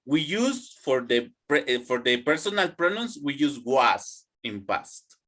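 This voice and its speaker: A man's voice: mid-range voice, big pitch swings, measured pace, fairly bright tone. A young man teaching an English grammar class, drilling students to repeat after him. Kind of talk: online classroom lesson.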